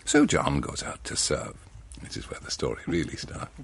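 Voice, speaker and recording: A man reading a comic children's-style story in a deadpan, mock-innocent way, adding wry asides. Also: very deep voice, moderate pace, vocal fry, a little hiss or hum.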